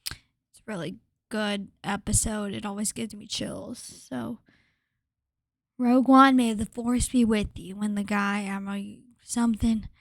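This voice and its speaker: A woman vlogger with a slightly high voice, recorded close and dry with no room sound. She gushes in a casual, rambling way, full of fillers and restarts, often slipping into a breathy whisper. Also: no room sound. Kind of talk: casual vlog commentary.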